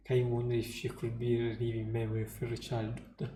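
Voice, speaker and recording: A man streamer reading game story text aloud in a slow, somber way. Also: medium pitch, monotone, dark tone, a little hiss or hum. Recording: roomy room, faint music.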